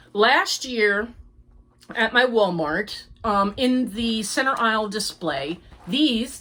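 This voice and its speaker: A woman's voice: a little high, fairly bright tone. An older American woman, rambling chattily as she hosts a crafting podcast. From United States. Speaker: podcast host. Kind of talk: casual chat.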